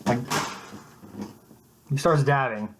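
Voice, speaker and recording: A young man telling a mock-serious story in a halting, deadpan way, often restarting his sentences. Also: mid-range voice, slight background noise. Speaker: vlogger.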